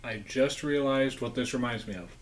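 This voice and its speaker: A man's voice: mid-range voice, moderate pace, low-quality recording. A man rambling casually through a snack review, sometimes talking with his mouth full. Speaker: food review vlogger. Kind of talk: casual food review vlog.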